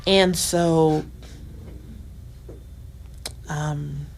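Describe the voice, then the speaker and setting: Middle-aged woman, low voice, soft-spoken, near-whispers at tender points, faint hiss behind. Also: fairly even intonation, extremely slow, creaky, low-quality recording. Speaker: podcast guest. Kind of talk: emotional personal storytelling.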